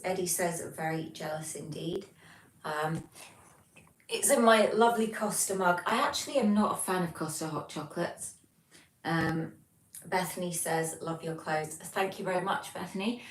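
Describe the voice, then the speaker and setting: A British woman with a lowish voice hosts a casual livestream chat, greeting viewers and reading their messages aloud with lots of ums. The mic is distant, the room echoes, and there's a little hiss or hum.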